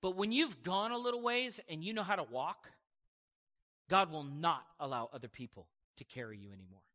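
A man's voice: on the high side, expressive, normal speed, pushed and bright, long reverb tail. A man preaching a sermon in an emphatic, conversational way, with casual asides to the congregation.

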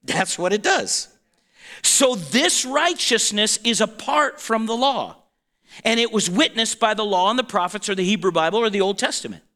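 A man preaching a sermon in an animated, emphatic way, with playful asides. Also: high voice, normal speed.

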